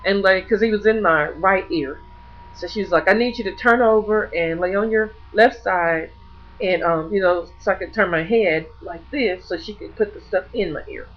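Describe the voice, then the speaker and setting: A woman's medium-pitched voice comes through dull audio at a moderate pace. As a vlogger telling a personal story to camera, she speaks casually and animatedly, voicing other people's lines, restarting often and repeating words.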